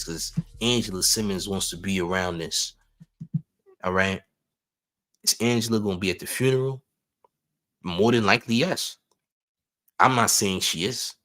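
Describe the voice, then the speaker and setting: Low-voiced sarcastic man, chuckling commentary. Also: a bit bright. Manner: sarcastic, chuckling, calls viewers "champ". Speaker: host of a hip-hop news channel. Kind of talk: live-stream commentary.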